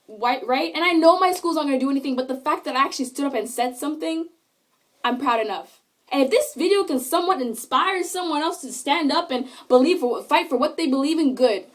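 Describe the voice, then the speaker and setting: A young woman in her late teens, a high school student, delivering an emphatic, indignant vlog rant into a phone camera and repeating herself for emphasis. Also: expressive, brisk.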